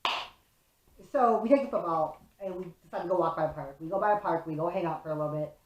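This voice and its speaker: A young woman from Chicago tells a story in a casual, profane, animated way. Her voice sits a little low for a woman. The room around her rings with a noticeable echo. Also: racing, background noise. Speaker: vlogger. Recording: roomy echo.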